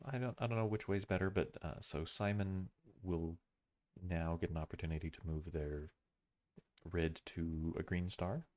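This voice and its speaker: A man's voice: low-pitched, darkish tone. A man giving casual commentary on a board game replay, thinking aloud with many fillers and self-corrections.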